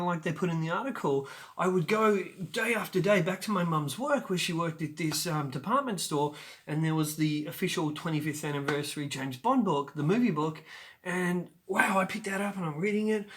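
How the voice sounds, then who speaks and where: A man in his forties hosting his own show, telling a personal story in a chatty, animated way with sudden loud bursts. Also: high voice, a little fast. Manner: animated, acts out scenes with sudden loud outbursts; chatty with frequent fillers and restarts. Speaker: show host.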